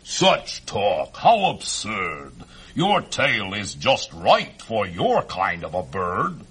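A man voicing a soft-hearted old male bird doctor who tut-tuts and sighs, in a storybook reading. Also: fairly low pitch, wildly swooping pitch, breathy edge, exaggerated voice. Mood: scolding. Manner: tut-tutting, sighing, unhurried.

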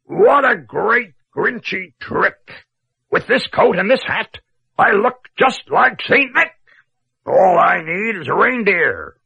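A man putting on a sour green creature with a sneer, high and swooping, with a gravelly, raspy edge. Bright and sharp, with slow, drawn-out words. Dull old cassette sound. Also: sing-song, exaggerated voice. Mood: gleeful. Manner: snarling, sneering. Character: sour grumpy male green Grinch creature.

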